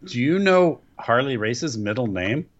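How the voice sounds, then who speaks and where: A man's voice: medium pitch, lively intonation, a little slow. A man bantering on a podcast with a wry, joking manner. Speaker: podcast co-host. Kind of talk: casual chat. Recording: dull lo-fi sound.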